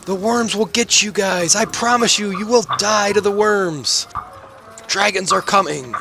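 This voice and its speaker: A man voicing a hoarse, ranting street prophet who proclaims doom with a cracking voice. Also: high-pitched, over music, voice pushed up. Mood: ominous. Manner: proclaiming, dramatic, drawn-out. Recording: noisy home mic.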